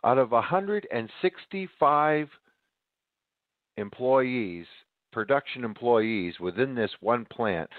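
A winded man preaches emphatically to his podcast audience. His voice sits at a middle pitch. It comes through a dry, tinny line that sounds like a phone call. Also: animated, takes it slowly, no room sound. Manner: emphatic, addresses listeners as ladies and gentlemen. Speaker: podcast host. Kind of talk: preaching monologue.

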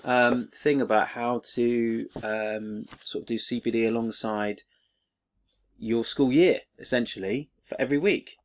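A man's voice: mid-range voice, moderate pace. A middle-aged man, a teacher, chatting casually in a vlog, enthusiastic and rambling, with many fillers and restarts. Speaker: teacher and video creator.

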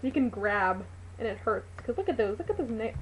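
A woman's voice: fairly high pitch, lively intonation, fairly quick, a little hiss or hum, low-quality recording. A woman vlogging to her webcam at home, rambling and chatty, exasperated with her pet. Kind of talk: casual talk to a webcam.

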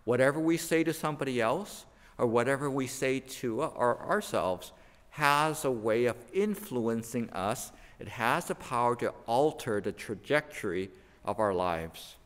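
Male pastor, mid-pitched, slow, storytelling sermon delivery, church hall reverb. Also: animated, a bit bright. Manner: unhurried storytelling, voices the quoted people. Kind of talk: sermon with humorous stories. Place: church sanctuary.

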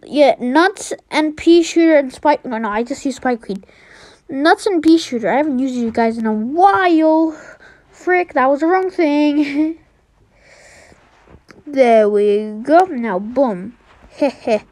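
A young woman giving casual, excitable gameplay commentary, trash-talking and trailing off into mutters. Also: sits high, takes it slowly, no room sound. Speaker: game streamer.

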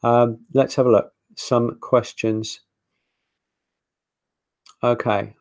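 A man's voice: mid-range voice, level tone, very slow, darkish tone, dry recording. Chatty man presenting a webinar. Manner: chatty, enthusiastic, self-mocking humor. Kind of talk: live online presentation with slides.

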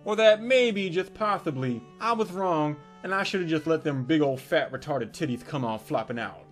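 A man in his thirties telling a crude, profane comic story in a brash, animated way. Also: fairly high pitch, normal speed, soft background music. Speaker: comedic storyteller. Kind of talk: crude comedic storytelling monologue.

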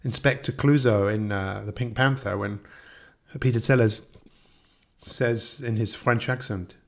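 A man's voice: lowish voice, unhurried, creaky. A man hosting a podcast, speaking in an earnest, rambling personal monologue and chuckling as he goes. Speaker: podcast host.

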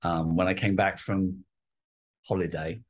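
A man's voice: sits low, unhurried, highs cut off. A middle-aged man telling stories in a casual interview chat, acting out voices from his childhood. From England. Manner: animated storyteller, acts out childhood voices. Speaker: guest artist.

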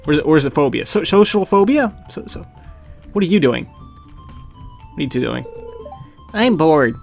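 A man's voice: on the high side, expressive, moderate pace, gravelly, a little mellow. A man casually commenting as he plays a farming game, reading the characters' lines aloud. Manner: reads in-game dialogue aloud, chatty. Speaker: gaming video host. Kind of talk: casual let's-play commentary. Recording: background game music.

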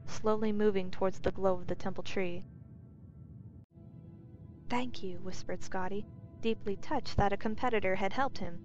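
A woman narrating a fantasy bedtime story in a calm, even storytelling manner. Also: mid-range voice. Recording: dull lo-fi recording, faint music.

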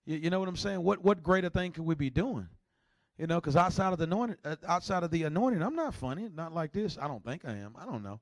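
High-voiced joking male preacher. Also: a little fast, no echo. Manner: animated, joking, swings between shouting and hushed asides. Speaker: pastor. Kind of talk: sermon.

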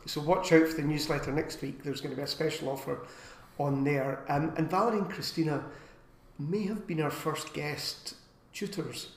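Chatty man with a higher voice in an echoey room. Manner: chatty, rambling, with filler pauses. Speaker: live stream co-host. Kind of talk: casual live stream chat.

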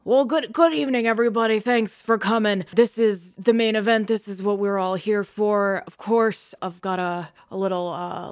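A pompous, speechifying beast guild leader, as a woman puts him on, a little higher and louder than her own talk, formal and ceremonious in a tabletop game. The sound is close and dry. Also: clear, resonant tone, no room sound, close to an everyday voice. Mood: welcoming.

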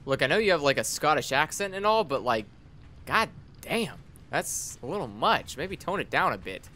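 A man's voice: a little high, sing-song, moderate pace, pushed and bright, a little hiss or hum. A young man casually commenting on a game he plays, joking and sarcastically talking back to the characters. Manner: playful, sarcastic, talks to the characters. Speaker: let's play host. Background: game music.

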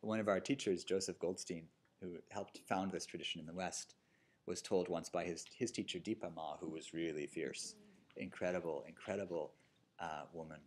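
A man's voice: sits low, steady tone, moderate pace, slightly rough. A man meditation teacher giving a casual dharma talk in a yoga studio, telling stories and checking in with "right?" and "you know". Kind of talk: dharma talk to a live group. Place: yoga studio with a seated audience.

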